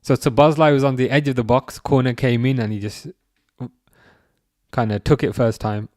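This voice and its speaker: A young man streaming a live football watchalong, chatting casually, reading chat messages aloud and reacting with sudden bursts of excitement. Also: mid-range voice, moderate pace, long pauses, no echo, studio quality.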